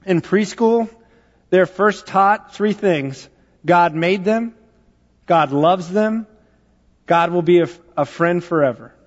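A man's voice: high-pitched, slow pace, long pauses. A man giving a sermon as a pastor, talking in a conversational storytelling way with frequent fillers. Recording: dull sound with long hall reverb.

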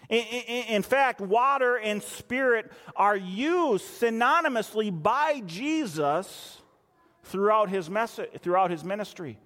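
A man's voice: high voice, fairly bright tone, big-room sound. A man preaching a sermon as pastor, emphatic and repeating phrases for stress.

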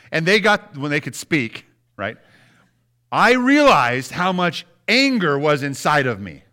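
Male pastor, thirties, bright slightly high voice, conversational sermon full of rhetorical questions. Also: big pitch swings, unhurried.

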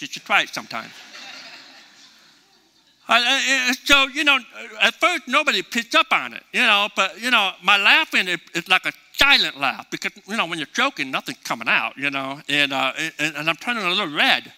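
Pastor guy, high bright voice, telling a story with lots of energy, big echoey church hall. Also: brisk. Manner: storytelling, animated and folksy. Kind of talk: sermon. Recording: reverberant hall.

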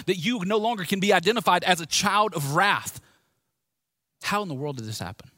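A man preaching a sermon in a conversational, lively way, talking straight to his listeners with asides and prompts. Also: high voice, brisk, no echo, studio quality.

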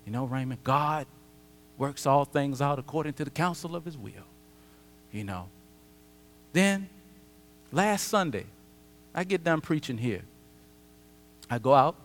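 A man pastor preaching a sermon, conversational and animated with dramatic pauses. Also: on the high side, faint music behind. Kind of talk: sermon with personal storytelling. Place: church sanctuary. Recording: long church hall reverb.

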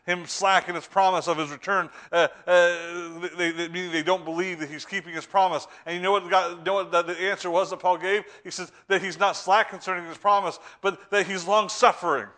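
Male preacher, bright tense voice, a bit high, fervent, restarts words, loud then hushed. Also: steady tone, fairly quick, few pauses. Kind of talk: sermon.

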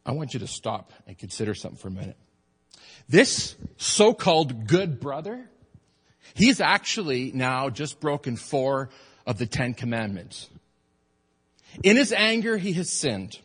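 A man's voice: medium pitch, very animated, measured pace, fairly bright tone, husky. A man preaching a sermon as pastor, talking conversationally to his congregation and building to emphatic peaks, with joking asides. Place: church sanctuary. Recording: long reverb of a large hall.

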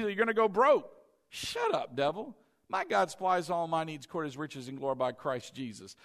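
Male pastor, middle-aged, sermon, loud and passionate, high voice, lively pitch. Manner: loud, passionate, calls for congregation responses.

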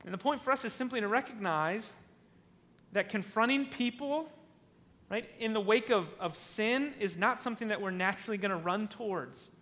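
High, bright-voiced male preacher, echoey hall. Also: normal speed. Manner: retells scripture, acting out the lines with restarts and repeated words. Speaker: pastor. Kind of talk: sermon.

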